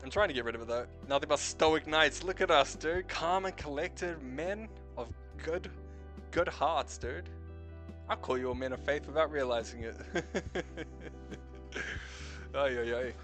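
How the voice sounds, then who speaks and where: A man's voice: fairly high pitch, unhurried, a bit bright, faint music behind. A young man with a New Zealand accent, hosting a casual late-night stream chat, swearing freely, laughing often and musing about life. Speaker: stream host.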